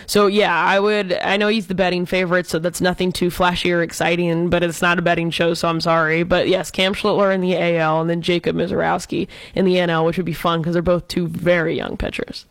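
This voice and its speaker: A woman's voice: on the low side, level tone, fairly quick, few pauses, no echo. A woman co-hosting a casual sports talk show, giving enthusiastic, opinionated takes like an eager fan. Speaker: co-host.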